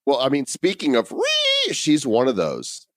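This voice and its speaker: A man's voice: medium pitch, unhurried, dry recording, clean studio sound. A man co-hosting a podcast, chatting casually in a jokey, teasing way. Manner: jokey, animated, with teasing incredulous asides. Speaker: podcast co-host.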